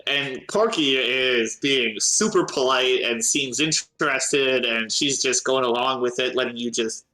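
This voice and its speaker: A man's voice: mid-range voice, a little slow, sharp tone. A man narrating a tabletop game as game master, hesitant and full of filler sounds.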